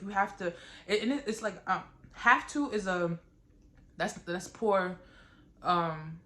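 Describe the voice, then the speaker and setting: A woman, chatting to camera in a blunt, profane, animated way and often asking "you get what I'm saying?". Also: on the low side. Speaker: vlogger. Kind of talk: casual chat to camera.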